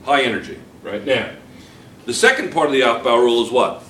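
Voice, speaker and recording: A man's voice: medium pitch, a little fast, fairly bright tone, slight background noise. An older man teaching a chemistry lesson to a classroom of students, teasing them between explanations. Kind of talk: classroom lecture.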